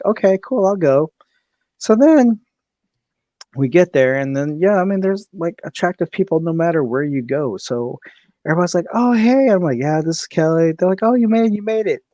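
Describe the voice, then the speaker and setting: A young man telling a story in casual podcast chat, animated, swearing freely and acting out what people said. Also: a little high, no echo. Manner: animated, swears freely, laughs often, acts out quoted voices. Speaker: podcast co-host.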